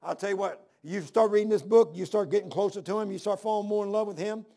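A man's voice: high voice, quick pace, creaky, dark tone. A man in his sixties preaching a sermon, emphatic and folksy, repeating phrases and calling out amen and hallelujah. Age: 60s. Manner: folksy, drawls "man" and "ain't".

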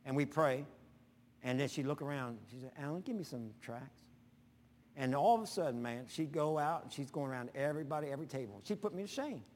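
A man pastor preaching in a folksy, animated way, telling personal stories with sudden loud bursts. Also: medium pitch, quick pace, in a large hall, a little hiss or hum.

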